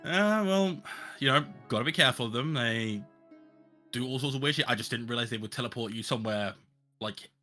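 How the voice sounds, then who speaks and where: Blunt swearing male adventurer, played by a man, piercing bright voice, casual delivery. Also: mid-range voice, a little fast, soft background music, lightly acted. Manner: blunt and profane. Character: blunt, foul-mouthed adult male adventurer.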